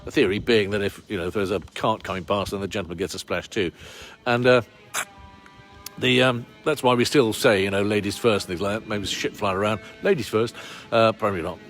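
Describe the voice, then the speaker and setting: A man's voice: lowish voice, fairly quick, a bit bright, soft background music. A man from Bristol speaking with a received pronunciation English accent, guiding a walking tour outdoors on a cold street. He talks in a chatty, rambling way, with lots of fillers and wry asides. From Bristol, England. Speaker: tour guide. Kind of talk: walking tour talk to camera. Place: outdoor street in a town centre.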